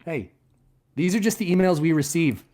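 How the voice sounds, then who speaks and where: A man's voice: on the high side, lively intonation, moderate pace, dark tone. A young man co-hosting a live show, reading fan mail aloud and stumbling over words. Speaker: co-host. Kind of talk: casual live-show banter.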